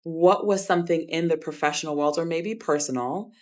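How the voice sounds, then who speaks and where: A woman's voice: low voice, brisk. Affirming woman podcast host. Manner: warm, affirming, conversational. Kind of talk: podcast interview.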